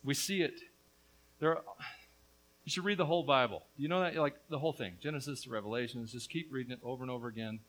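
A middle-aged man preaching a lively, joking sermon, with quick asides to the congregation. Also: mid-range voice, low-quality recording. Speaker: pastor.

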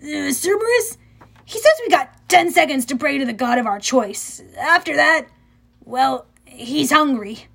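A woman's voice: sits high, lively intonation, measured pace, creaky, a bit bright, exaggerated voice. A woman doing a jittery young satyr boy. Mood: nervous. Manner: hesitant, stammering with uhs. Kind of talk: audiobook character voice.

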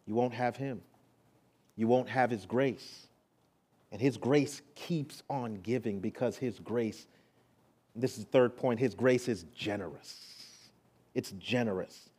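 A male pastor preaching a sermon, moving between hushed, intimate lines and rising, emphatic ones. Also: mid-range voice, slow pace, pauses often, husky.

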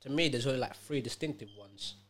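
A man co-hosting a podcast in casual banter, playful and halting, with many fillers and repeated words. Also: medium pitch, a bit bright. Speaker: podcast co-host.

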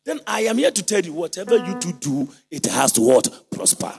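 Fiery high-voiced male preacher. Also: sing-song, fairly quick, gravelly, soft background music. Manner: fervent preaching, shouted and sung phrases, congregation call-and-response. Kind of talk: sermon.

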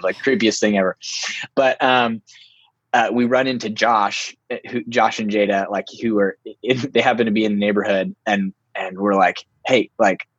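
A young man telling a story in a casual, animated way, full of "like" and restarts. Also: lowish voice, breathy edge, dry recording, muffled recording. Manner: animated, filler-heavy, lots of "like".

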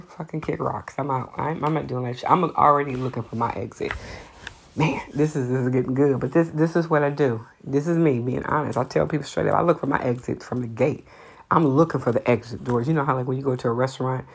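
A woman's voice: very deep voice, a little mellow. A woman giving blunt, profane advice in an unscripted monologue, speaking emphatically.

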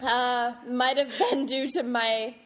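A woman's voice: a little high, level tone, slow, fairly bright tone. A woman co-hosting a true crime podcast, chatting casually and laughing often. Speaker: podcast co-host. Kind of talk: casual chat.

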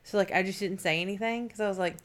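A woman's voice: medium pitch, quick pace. A young woman co-hosting a podcast, recounting a story in a candid, wry way with casual swearing. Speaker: podcast co-host.

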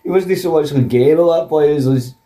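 Dry, mellow-voiced Scottish man. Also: a little high, a little fast. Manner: dry, sardonic, sweary asides. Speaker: podcast co-host. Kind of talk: casual chat.

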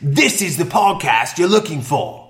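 A man's voice: on the high side, sing-song, unhurried, a bit bright, heavily acted. A man doing a hammy Australian promo announcer. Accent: put-on Australian. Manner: playful, overdone promo read. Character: hammy male announcer in a put-on Australian accent. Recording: roomy echo.

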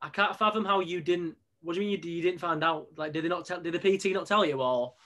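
A man's voice: high-pitched, fast, a bit bright. A man from northern England, a podcast host and personal trainer, bantering in a joking, opinionated way. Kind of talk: casual podcast chat.

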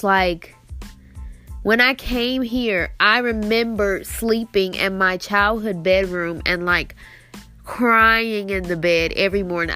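A young adult woman who hosts a podcast shares an emotional faith-based testimony, teary and sniffling. Her mid-range voice sounds pushed and bright, and she speaks earnestly while saying "like" constantly.

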